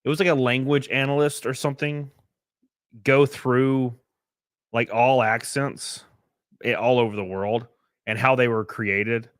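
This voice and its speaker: A young man with a drawl talks live to his viewers, blunt and often profane, wandering between thoughts with plenty of ums. His voice sits at an ordinary middle pitch. The sound is dry and close, with no room around it. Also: steady tone, measured pace, long pauses, fairly bright tone, clear, resonant tone, no echo. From American South. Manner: blunt, profane, rambling with many fillers. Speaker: streamer. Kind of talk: casual live-stream chat reading comments.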